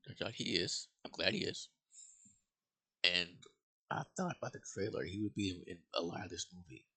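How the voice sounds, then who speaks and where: Deep gravelly man rambling casually. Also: animated, moderate pace, bright, forceful tone. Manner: rambling, profane, with many fillers and restarts. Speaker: movie reviewer. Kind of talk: casual spoken movie review.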